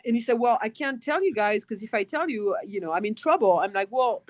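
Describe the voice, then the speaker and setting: A woman from France with a French accent, a voice actress telling animated stories in a casual interview and acting out the quotes. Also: fairly high pitch, a little fast. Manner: animated storytelling, acts out quotes, swears casually. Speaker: guest voice actress.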